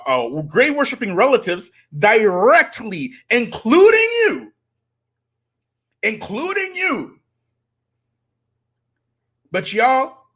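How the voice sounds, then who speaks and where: Hosting a live stream, a man delivers impassioned commentary, preaching to his audience and throwing out rhetorical challenges. His voice is very high, husky, and sharp in tone.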